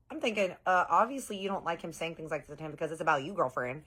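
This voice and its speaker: Woman, low voice, casual storytime, gossipy, sarcastic, swears. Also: expressive, fast talker, fairly bright tone, slightly rough.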